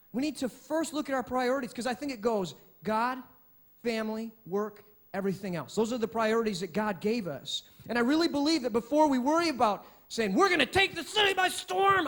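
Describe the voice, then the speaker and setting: A man preaching a sermon as pastor, in a lively, conversational way with frequent restarts. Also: extremely high pitch.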